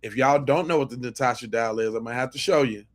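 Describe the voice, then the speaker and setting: A man's voice: medium pitch, quick pace. A man hosting a podcast, reacting to clips with emphatic, profane commentary. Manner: animated, emphatic, swears freely. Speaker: podcast host.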